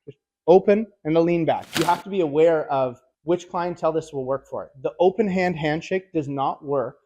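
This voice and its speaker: A man teaching car sales closing techniques in a direct, energetic coaching manner, with casual slangy phrasing. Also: a little high, normal speed. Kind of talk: instructional video talk.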